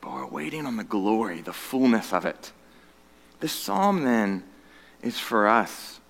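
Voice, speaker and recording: A man preaching a sermon as pastor, earnest, moving between loud emphatic stretches and hushed, low passages. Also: big pitch swings, measured pace, creaky, big-room sound.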